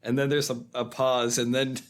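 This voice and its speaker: A man's voice: mid-range voice, flat delivery, moderate pace. Easygoing male podcast host. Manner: conversational, chuckles while recounting scenes. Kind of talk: casual film discussion.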